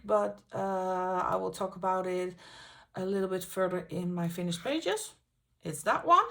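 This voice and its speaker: Woman host, unhurried, some vocal fry, gushing casual flip-through with lots of ums. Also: medium pitch. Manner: enthusiastic, halting with frequent fillers. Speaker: colouring channel host.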